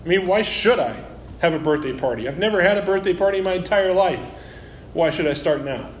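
A man putting on a timid, halting woman. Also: high-pitched, expressive, slight background noise. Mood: defensive. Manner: hesitant, halting. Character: lonely middle-aged woman, soft and timid. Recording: roomy echo.

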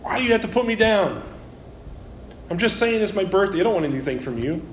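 Man doing a lonely timid woman, soft, hesitant, slightly raised voice, roomy echo. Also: high-pitched, expressive, slight background noise, pitched above the performer's own voice. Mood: defensive. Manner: hesitant, halting.

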